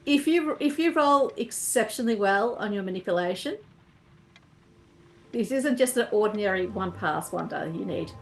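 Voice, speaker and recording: A woman running a tabletop game as game master, narrating with lively reactions and laughter. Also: mid-range voice, normal speed, a little hiss or hum.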